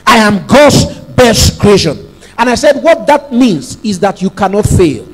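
A man's voice: sits high, sing-song, unhurried, husky, faint music behind, low-quality recording. A man preaching a sermon as pastor, emphatic, repeating phrases and prompting the congregation to say lines back.

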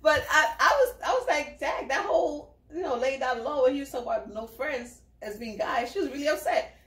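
A woman co-hosting a casual reality show review, animated and laughing often as she acts out quotes. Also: sits high, a little fast, distant mic. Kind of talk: casual chat. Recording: echoey room, away from the mic.

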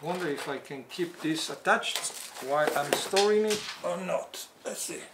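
A woman's voice: on the low side, roomy sound, very noisy. A woman unboxing gear on camera, musing hesitantly to herself as she works things out. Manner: muses hesitantly to herself, unhurried. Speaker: outdoor gear reviewer. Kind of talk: unboxing vlog, thinking aloud. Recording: loud clatter of gear being handled.

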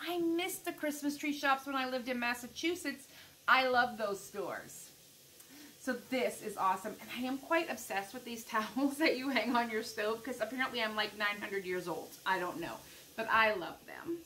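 A middle-aged American woman with a bright, rather high voice gushes excitedly to her viewers as she unpacks gifts. Her casual vlog chat keeps calling out to the audience. A faint hiss of room noise sits under her voice. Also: low-quality recording. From United States. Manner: gushing, excitable, addresses viewers as guys. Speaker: vlogger.

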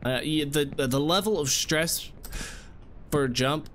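A man doing let's-play commentary, anxiously coaching and scolding himself out loud, his voice jumping high under stress. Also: measured pace, slight background noise. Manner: anxious self-talk, scolding and coaching himself through jumps. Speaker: gameplay commentator.

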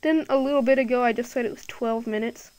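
A woman's voice: on the high side, steady tone, fast talker, darkish tone, dry recording. A woman giving casual commentary while playing a game, rambling and thinking aloud with lots of fillers, recorded on a computer microphone. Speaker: gameplay video creator.

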